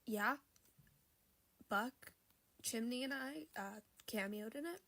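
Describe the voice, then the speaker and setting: A woman voicing a weary, sheepish firefighter father who answers in hushed, evasive mumbles. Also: on the high side, slow pace, exaggerated voice.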